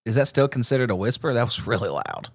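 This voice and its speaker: A man co-hosting a podcast in casual chat, loud and laughing often. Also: medium pitch, fast talker, no room sound. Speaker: podcast co-host.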